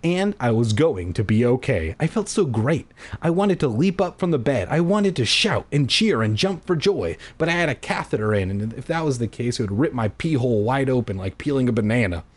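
A young man casually reading a story aloud, animated, with jokey asides and a husky voice. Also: mid-range voice, brisk. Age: young adult. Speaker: reader of books aloud.

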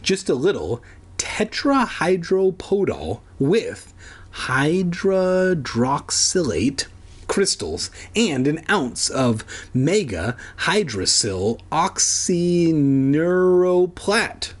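A man voicing a boastful, panicky boy science whiz in a storybook reading, with a high, shrieking delivery. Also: big pitch swings, extremely slow, heavily acted.

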